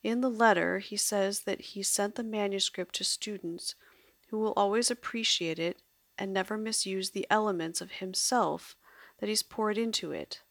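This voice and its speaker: A woman voicing a clever, wry male musician who thinks out loud in a read-aloud story. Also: medium pitch, normal speed, gravelly, no echo. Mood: explaining.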